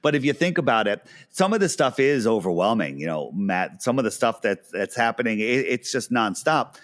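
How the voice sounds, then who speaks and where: Middle-aged male guest, mid-range voice, animated storyteller who acts out dialogue, loose and conversational. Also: mid-range voice, normal speed. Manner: frequent fillers and restarts. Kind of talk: casual conversation.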